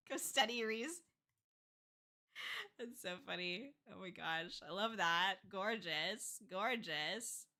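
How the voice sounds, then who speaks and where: A woman's voice: mid-range voice, lively intonation, slow pace, long pauses, sharp tone. A young woman streaming as a VTuber, chatting casually, gushing and giggling over artwork with frequent squeals. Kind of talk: casual livestream chat.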